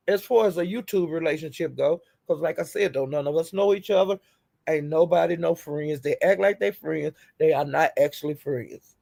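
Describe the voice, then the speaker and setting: A woman's voice: deep voice, normal speed, vocal fry, mellow. A woman hosting her own livestream, telling stories in a profane, laughing, casual rant. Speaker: livestream host.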